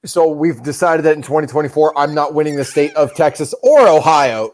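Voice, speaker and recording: A man hosting a casual livestream, giving animated, profane commentary and reading out vote counts. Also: a little high, brisk, hardly any pauses. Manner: profane, animated, reads out numbers. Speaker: livestream host.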